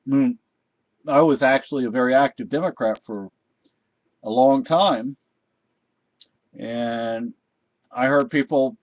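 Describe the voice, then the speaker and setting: A man's voice: medium pitch, unhurried, long pauses, dry recording, narrow, tinny audio. A middle-aged man vlogging a political rant, scolding and lecturing his viewers with indignation.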